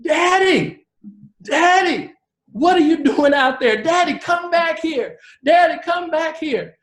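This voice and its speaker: A man putting on a frightened woman who yells from the shore for her father to come back, with high, shrill, pleading cries. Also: animated, takes it slowly, full character voice. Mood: panicked. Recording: roomy echo.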